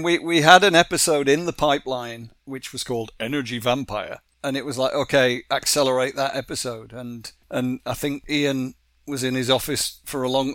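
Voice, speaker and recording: A man being interviewed, telling animated stories from working in animation, acting out quotes and laughing often. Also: medium pitch, no room sound, studio quality. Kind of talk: casual interview storytelling.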